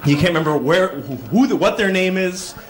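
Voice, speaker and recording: A man doing a stand-up comedy set, telling stories and acting out people in sudden high yelps. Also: animated, normal speed. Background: audience laughter.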